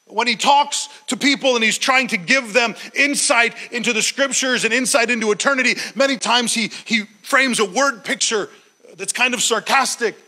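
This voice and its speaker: A man preaching a sermon, retelling a Bible story with animated storytelling and acted-out quotes. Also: extremely high pitch, moderate pace, poor audio. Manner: occasional stumbles and restarts.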